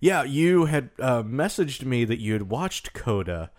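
A man chats on a podcast in a playful, joking way. His pitch swings widely as he talks. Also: sing-song, a little slow, a little mellow. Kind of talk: casual chat.

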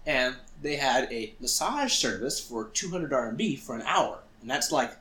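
Bright-voiced man telling a story. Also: mid-range voice, moderate pace, reverberant. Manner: animated, acts out quotes of himself. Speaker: podcast co-host. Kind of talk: casual storytelling.

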